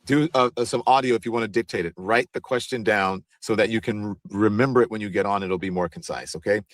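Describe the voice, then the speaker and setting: A man's voice: fairly low pitch, fast, dry recording. A man hosting a livestream talk show, speaking casually and loosely, often stopping and restarting his sentences. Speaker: show host.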